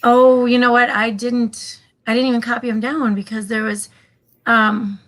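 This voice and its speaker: A woman's voice: fairly high pitch, little pitch movement, moderate pace, fairly bright tone, rough recording. A woman co-hosting a casual show, friendly and a little scattered as she checks her notes. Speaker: co-host with news segment.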